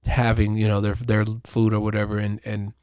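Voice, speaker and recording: A man's voice: fairly low pitch, completely flat delivery, fairly quick, a little mellow, clear, resonant tone, no room sound, clean studio sound. Profane, rambling man telling stories. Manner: profane, rambling, with frequent laughs. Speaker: podcast host. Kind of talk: casual storytelling monologue.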